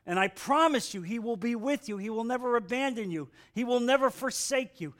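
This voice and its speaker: High-voiced earnest preaching man. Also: expressive, brisk, hardly any pauses, a bit bright. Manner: earnest, emphatic, repeats phrases and asks the class for amens. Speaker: Bible class teacher. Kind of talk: sermon-style Bible teaching.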